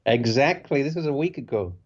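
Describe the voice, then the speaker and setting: A man's voice: mid-range voice, animated, fairly quick, highs cut off. A man calling in to a talk show, chatting casually. He chuckles often, repeats his words and keeps asking "right?". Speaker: caller. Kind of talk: casual call-in chat.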